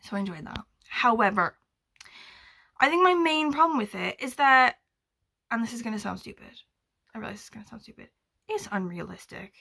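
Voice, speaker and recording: A woman's voice: a little high, expressive, brisk, vocal fry, long pauses, sharp tone. A young woman talking casually about a book she listened to, rambling and full of asides and fillers. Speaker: book vlogger. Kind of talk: casual chat.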